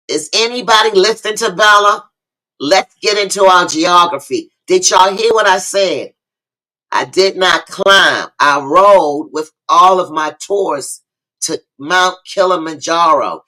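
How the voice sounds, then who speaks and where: A woman with hosts a lively livestream talk show. Her voice is bright and forward. She preaches more than she chats, hails viewers by name and says key lines over again. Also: fairly low pitch, a little slow, rough recording. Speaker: host of a live online talk show.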